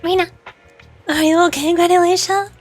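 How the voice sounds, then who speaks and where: Earnest young heroine, read by a woman, high, bright voice, game music behind. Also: fairly even intonation, a little fast. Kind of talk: reading game dialogue aloud.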